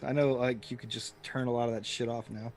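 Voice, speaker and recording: A man's voice: medium pitch, fairly even intonation, brisk, a little mellow. A man running a tabletop game as game master, loose and laughing, with lots of fillers. He talks casually with his players.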